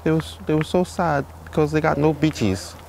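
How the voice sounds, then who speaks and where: A man's voice: on the high side, normal speed, gravelly, darkish tone, slight background noise. A man playing Luigi, a cowardly plumber who rambles, jokes and panics in a comedy skit. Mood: nervous. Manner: rambling, jokey, jumpy, keeps panicking. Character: jittery cowardly adult male plumber Luigi. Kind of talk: comedy skit role-play. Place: outdoors in a village.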